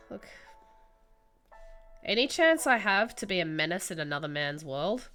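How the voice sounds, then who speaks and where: A young woman telling a story while drawing, in an animated, swearing, casual way. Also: lowish voice, a little slow, faint music behind. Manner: animated, swears freely, acts out reactions. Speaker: streamer.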